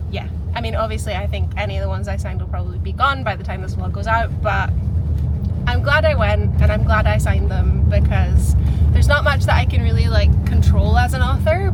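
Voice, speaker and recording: A woman from Scotland, an author chatting in a casual vlog with a bubbly, chatty manner, recorded on a handheld camera. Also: medium pitch. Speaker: author and vlogger. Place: city streets and a car. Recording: loud street and traffic noise.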